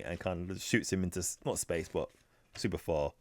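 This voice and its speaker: A man casually retelling a comic book plot as a podcast co-host, rambling and slipping quickly into characters' lines. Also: low voice, fairly even intonation, a little mellow, smooth, no room sound.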